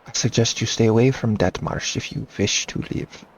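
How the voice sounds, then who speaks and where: A man's voice: mid-range voice, lo-fi sound, lightly acted. A man reading an aloof woman scientist's lines in a put-on German accent, stumbling a little. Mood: cool, lecturing. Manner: halting, stumbling over lines.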